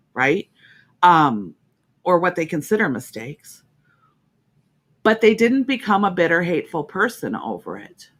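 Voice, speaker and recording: A woman's voice: low-pitched, a bit bright. Woman radio host, heartfelt motivational talk, emotional and emphatic delivery with lots of repetition. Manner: emotional, emphatic, repeats herself.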